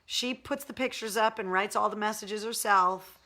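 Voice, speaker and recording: Reading and responding to viewer comments, a female livestream host chats candidly and swears cheerfully. She speaks at a moderate pace with a medium pitch and fairly even intonation, her voice pushed and bright.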